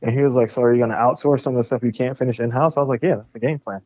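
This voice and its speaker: A young man tells a story on a podcast in a lively, profane way, voicing each person in it. His pitch sits in the middle range. The audio is dull and dry, with no room sound. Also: rapid-fire, dry recording. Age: young adult. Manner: animated, profane, acts out both sides of conversations. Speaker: game studio founder, guest.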